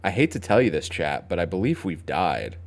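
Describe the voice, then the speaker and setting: A man's voice: low voice, very animated, fairly quick. A young man streaming a puzzle game, thinking aloud, joking and talking back to his chat. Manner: chatty, talks to chat, thinks aloud, playful. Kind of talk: casual gameplay commentary. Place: home streaming setup.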